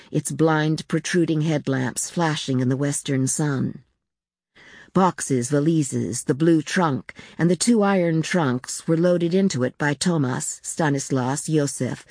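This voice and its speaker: A woman narrating a literary novel in a measured, unhurried reading. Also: low-pitched, darkish tone, no room sound, clean studio sound. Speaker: audiobook narrator.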